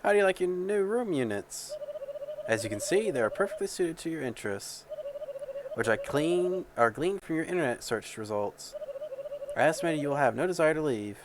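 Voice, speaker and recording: A man's voice: fairly high pitch, expressive, normal speed, background noise, lightly acted. Man voicing a smug robotic queen villain. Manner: smug, grand and scheming. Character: haughty robotic female computer queen villain. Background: game music.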